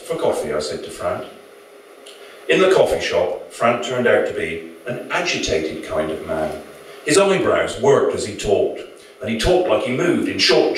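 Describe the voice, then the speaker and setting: A man's voice: mid-range voice, a little hiss or hum. Wry man reading his novel aloud. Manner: dry, wry storytelling. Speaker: author. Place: live reading at a venue. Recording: very echoey room, mic far off.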